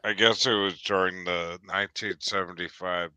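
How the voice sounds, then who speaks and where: A man's voice: sits low, steady tone, normal speed, pushed and bright, clean tone, no echo. A man telling a long rambling story in casual chat on a live stream, full of fillers and restarts.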